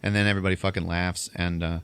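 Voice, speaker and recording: A man's voice: low voice, little pitch movement, quick pace, fairly bright tone, smooth. A man hosting a podcast, recapping a movie in a casual, profane, rambling way. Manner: profane, rambling storytelling with fillers. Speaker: podcast host.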